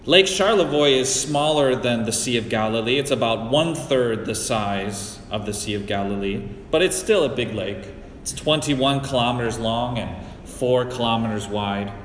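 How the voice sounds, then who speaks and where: A middle-aged man from the Great Lakes region of the US, preaching a sermon as a pastor in a slow, deliberate storytelling manner with personal anecdotes, recorded in a church sanctuary. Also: mid-range voice, slight background noise. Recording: echoey hall with long reverb.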